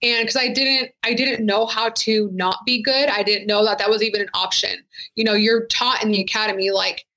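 Bright-voiced woman in a frank interview. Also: mid-range voice, steady tone, normal speed, rough recording. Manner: frank, conversational, with many "like" fillers. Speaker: retired sheriff's deputy, guest. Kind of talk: candid interview conversation.

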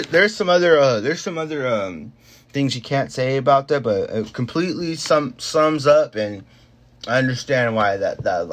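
A man's voice: medium pitch, fairly bright tone. Rambling young man, casual chat. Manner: rambling, full of fillers and restarts, swears freely. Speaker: podcast talker telling a work story.

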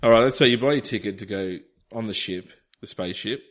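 A man's voice: on the low side, fast talker. Aussie guy hosting a podcast, jokey, keeps laughing, asking silly what-if questions. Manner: laughs often, playful questioning. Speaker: podcast co-host. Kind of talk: casual banter.

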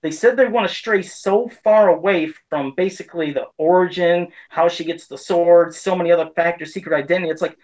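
A man's voice: high voice, brisk, hardly any pauses, darkish tone, rough recording. A man in his forties giving a casual, heated opinion rant as a pop culture commentator, indignant and frustrated.

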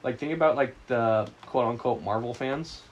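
A man's voice: mid-range voice, moderate pace, dull audio, a little hiss or hum. Young man with a sick voice, joking. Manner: joking, rambling, laughs often. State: sick, husky voice. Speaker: podcast co-host. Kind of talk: casual crude chat.

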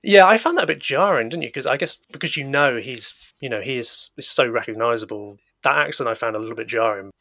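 A man's voice: mid-range voice, expressive, quick pace, few pauses, sharp tone, no echo, studio quality. A man hosting a casual film podcast, speaking earnestly and reflectively with frequent restarts. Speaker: podcast host. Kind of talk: casual film review chat.

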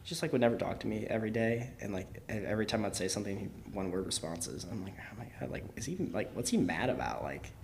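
A man's voice: on the low side, fast talker, vocal fry, hardly any pauses, a little hiss or hum. Young guy on a podcast rambling thru a story, lots of likes and ums, laughing as he goes. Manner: rambling, filler-heavy, laughs while telling. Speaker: podcast co-host. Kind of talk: casual storytelling chat.

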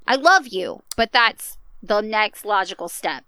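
A young adult woman in a casual podcast chat whose pitch swings widely and whose voice is bright. She teases her friend playfully and keeps asking follow-up questions, recorded dry and close. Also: animated, measured pace, smooth, no echo. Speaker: podcast co-host.

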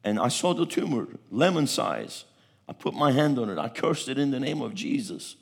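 A middle-aged man from Turkey preaching a sermon, telling a story with animated energy and acting out the people in it. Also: medium pitch, moderate pace, gravelly, slightly rough. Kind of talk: testimony sermon.

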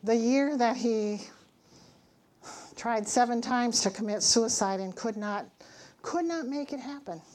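Earnest higher-voiced woman giving a testimony. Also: unhurried, pauses often, a little mellow. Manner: earnest, emphatic, storytelling with acted dialogue. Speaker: Bible teacher giving a testimony. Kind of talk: church testimony talk.

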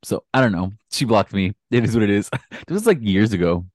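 A man's voice: on the low side, expressive, brisk, darkish tone, no room sound, studio quality. A man co-hosting a casual podcast, gossiping and swearing with lots of "like". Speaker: podcast co-host. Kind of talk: casual chat.

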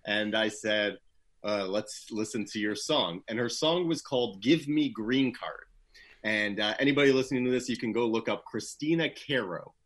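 A man's voice: fairly low pitch, moderate pace, a bit bright. A man talking casually as an interview guest about his public relations work, laid-back and full of "you know" fillers, livening up when he tells a story. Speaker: guest, PR professional.

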